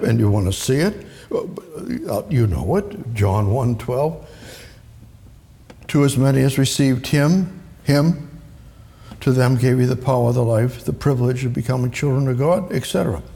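A man's voice: fairly high pitch, vocal fry, a little mellow. A man preaching a sermon, rambling and emphatic, often repeating himself for stress. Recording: echoey hall with long reverb.

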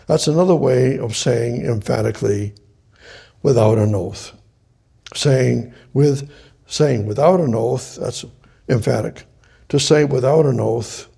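Male preacher, Bible study teaching; gravelly, husky, halting delivery with frequent restarts. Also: mid-range voice, dark tone. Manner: halting, repeats and restarts phrases.

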